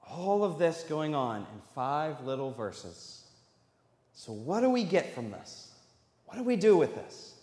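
Conversational preacher in an echoey sanctuary. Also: male voice, a little high, sing-song, unhurried, a little mellow. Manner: conversational, asks the congregation questions. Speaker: pastor. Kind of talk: sermon. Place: church sanctuary. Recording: echoey hall, long reverb.

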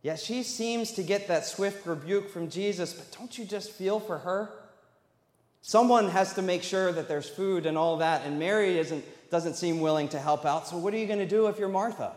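A man's voice: high-pitched, normal speed, darkish tone. A man preaching a sermon as pastor, talking in a conversational way and putting questions to the congregation. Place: church sanctuary. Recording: echoey hall, long reverb.

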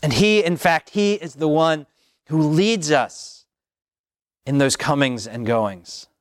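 A man preaching a sermon as pastor, slow and measured, repeating phrases with long pauses. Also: fairly high pitch, expressive, no echo, studio quality.

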